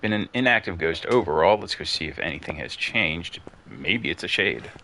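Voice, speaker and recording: A man's voice: deep voice, lively intonation, moderate pace, vocal fry, pushed and bright, a little hiss or hum. A man chatting casually as he plays a ghost-hunting game, musing aloud and calling out questions to the ghost. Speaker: gamer streaming his play. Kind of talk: casual commentary while playing.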